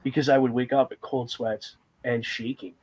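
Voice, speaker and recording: A man with a husky, slightly rough voice talks openly about his feelings in a relaxed conversation. He rambles a little, leaning on fillers, and sounds close to tears at times while staying earnest. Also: mid-range voice, moderate pace, rough recording. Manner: candid, fighting back tears at times. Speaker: guest sharing a personal story. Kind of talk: casual conversation.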